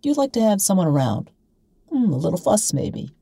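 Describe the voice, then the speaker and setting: A woman's voice: mid-range voice, very animated, moderate pace, warm tone, husky, no echo, studio quality, voice pushed up. A woman voicing a sly middle-aged man, a stranger on a train, casual in his talk.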